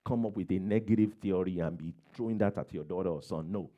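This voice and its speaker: A man's voice: low-pitched, fast, dull audio. A man preaching a sermon as a pastor, giving plain advice, repeating key phrases and acting out everyday quotes.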